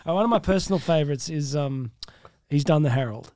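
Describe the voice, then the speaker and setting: Lively Australian man telling stories. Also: a little high, fairly quick, dry recording. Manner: lively storytelling, explaining slang, repeats words as he talks. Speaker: podcast guest. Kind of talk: casual chat.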